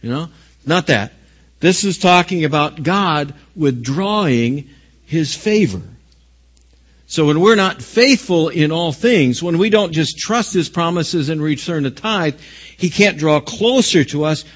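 Pastor, male, fairly high voice, emphatic sermon delivery, lo-fi recording. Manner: emphatic preaching, rising loud on key phrases.

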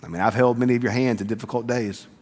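A pastor delivering a sermon, moving between hushed, tender passages and loud, rising preaching. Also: male voice, medium pitch, fairly even intonation, quick pace. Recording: reverberant church hall.

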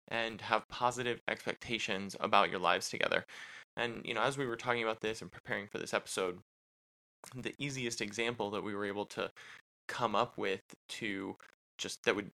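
A man with a lower voice co-hosts a relaxed podcast. His tone is bright and forceful. He explains in a loose, rambling way, dropping in plenty of "you know"s. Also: vocal fry, poor audio. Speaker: podcast co-host. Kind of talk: casual conversational podcast.

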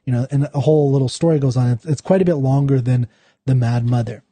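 A man hosting a poetry show, talking loosely with many fillers and restarts, then reading a poem aloud slowly. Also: medium pitch, fairly even intonation, warm tone, no room sound. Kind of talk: casual talk then slow poetry reading.

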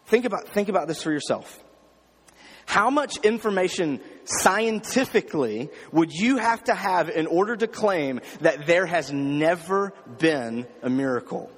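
A man's voice: fairly high pitch, animated, moderate pace, slightly rough, big-room sound. A man preaching a sermon, emphatic, repeating his phrases and asking rhetorical questions. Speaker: pastor.

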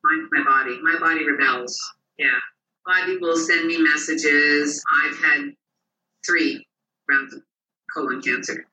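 An interview guest shares personal stories in a medium-pitched voice at a measured pace, animatedly performing the voices of the people involved. A little hiss or hum sits under the recording, which sounds roomy and distant.

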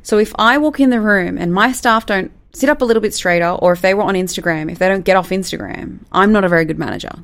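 A woman's voice: mid-range voice, fast, few pauses, a bit bright. A woman, giving casual, direct advice to managers and acting out quoted dialogue in a playful way. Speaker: business coach for managers.

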